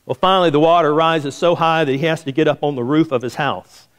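A man's voice: fairly even intonation, a little fast, clear, resonant tone. A man preaching a sermon as a pastor, telling a story and acting out the voices in it. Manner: storytelling, acts out the quoted voices in a higher pitch. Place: church sanctuary.

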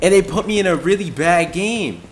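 A young man hosting a gaming video, talking casually through gameplay in a jumpy, excitable way with frequent yelps and swearing. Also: high voice, moderate pace, background noise.

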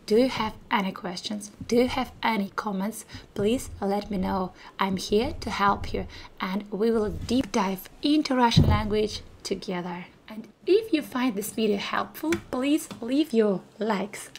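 A woman teaching a language lesson in a soft, unhurried voice, repeating sounds patiently and sometimes dropping into a whisper. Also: medium pitch, slight background noise. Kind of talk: softly spoken lesson.

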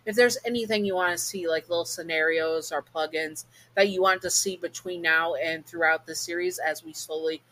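A woman narrates a fan story straight to the listener in a relaxed, chatty way. Her voice sits on the lower side for a woman. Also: rough recording. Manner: casual, chatty. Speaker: storyteller, channel host. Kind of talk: second-person storytelling.

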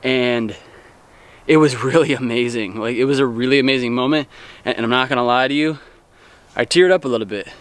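A man vlogging to camera about his farm, earnest and still worked up with excitement. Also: medium pitch, a little fast, smooth, no echo. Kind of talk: casual vlog talk to camera. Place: outdoors on a farm.

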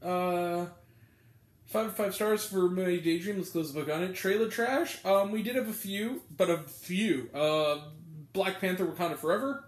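A man's voice: sits high, normal speed. A young man rambling casually through a movie review with lots of ums and uhs. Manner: rambling, filler-heavy, chatty. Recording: roomy echo.

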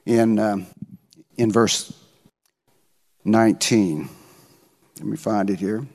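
A middle-aged pastor with a lowish, gravelly, slightly mellow voice speaks slowly with fairly even intonation in a church sanctuary. He retells a story in casual, slangy words as conversational sermon storytelling, often checking in with "okay?", and the recording carries long church-hall reverb.

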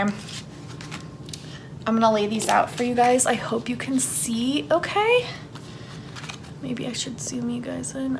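A woman's voice: on the high side, gravelly, background noise. A woman giving a casual tarot card reading for her channel, chatting in a rambling way with lots of fillers. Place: her home, downstairs.

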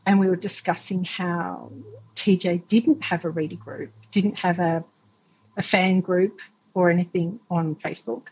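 A woman who is a fan group admin, recalling how the group started in a soft, breathy way. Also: fairly low pitch, unhurried, dull audio.

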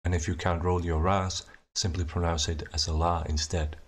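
Deep husky-voiced man explaining calmly. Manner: measured, methodical, slows to sound out examples. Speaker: conlang creator presenting his language. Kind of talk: scripted explanatory narration.

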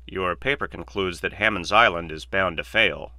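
A man's voice: deep voice, moderate pace, sharp tone, no echo, clean studio sound, exaggerated voice. A man voicing a blunt, skeptical male lawyer in an audiobook reading.

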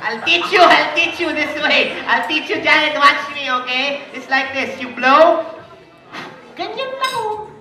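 A woman's voice: high voice, expressive, a little slow, pushed and bright. A woman with a Filipino accent working as a party magician, playfully teasing and coaxing the children through her tricks. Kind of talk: live kids' party magic show. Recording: echoey party hall, far from mic, music and crowd.

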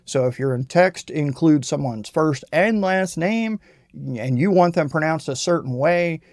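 A man walks through a software tutorial in a plain, self-deprecating voice-over. His voice sits a little high, and the recording is dry and close with no room sound. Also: lively intonation, unhurried, no room sound. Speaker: tutorial host.

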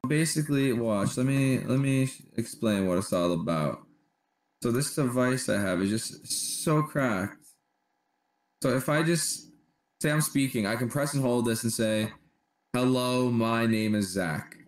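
A man's voice: mid-range voice, expressive, measured pace. Hyped joking young-sounding guy. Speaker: stranger on video chat. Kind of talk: casual chat. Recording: echoey room, faint music behind.

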